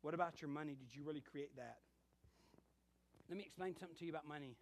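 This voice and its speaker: A man's voice: fairly high pitch, quick pace, slight background noise. A middle-aged male pastor preaching a sermon, telling stories and acting out bits of dialogue. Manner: animated storytelling with acted-out dialogue.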